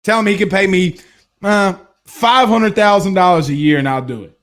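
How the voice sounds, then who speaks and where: A man's voice: sits high, moderate pace, a bit bright. A man hosting a live-stream sports talk show, reading viewer comments and giving blunt opinions. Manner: blunt and opinionated, with frequent restarts and laughs.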